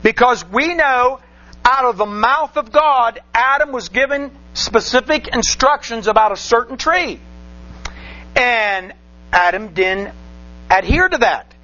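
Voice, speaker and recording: A man's voice: very high-pitched, animated, a little slow, pushed and bright, dull audio. A man preaching a sermon, reading scripture aloud and repeating phrases for emphasis with rhetorical questions.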